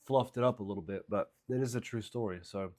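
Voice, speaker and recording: A man's voice: fairly low pitch, quick pace, darkish tone. Rambling man thinking aloud. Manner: rambling, hesitant, many fillers. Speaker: stand-up comedian writing jokes. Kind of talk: casual vlog thinking aloud.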